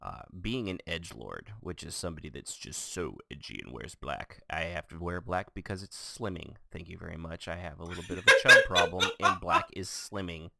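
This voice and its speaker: A man's voice: deep voice, huge pitch swings, fairly quick, vocal fry, few pauses, pushed and bright, a little hiss or hum. A man hosting a casual podcast, joking and self-mocking as he talks. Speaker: podcast host.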